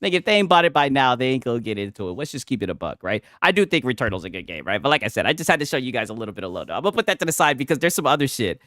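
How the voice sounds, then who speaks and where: Brief: male streamer, casual reaction chat, loud and joking, animated delivery, dry booth sound. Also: medium pitch, racing, few pauses, no echo. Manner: loud, joking, swears freely, laughs often.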